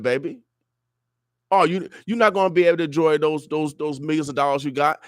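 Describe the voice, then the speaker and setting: A little high and a little fast, with fairly even intonation, the voice belongs to an Omaha, Nebraska morning radio host. He motivates listeners with emphatic, preachy energy and repeated "oh yeah" refrains; the studio recording is high quality with no room sound.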